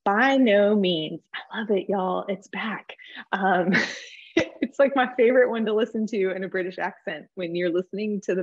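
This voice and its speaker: A woman leading a Bible study class, explaining and reading scripture in a relaxed, conversational way with frequent filler words. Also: mid-range voice, moderate pace. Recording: dull lo-fi recording.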